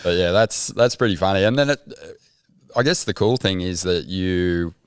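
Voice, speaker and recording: An Australian man, a surf commentator guest, telling lively sweary stories in a casual interview. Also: low-pitched, normal speed, clear, resonant tone, no echo, studio quality. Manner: lively storyteller, acts out voices, swears freely.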